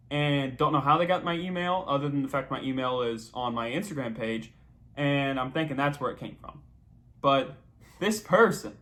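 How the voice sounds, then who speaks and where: A man's voice: mid-range voice, fairly bright tone. A young man hosting a solo podcast, building up a story with mock-dramatic flair and playful self-corrections. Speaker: podcast host.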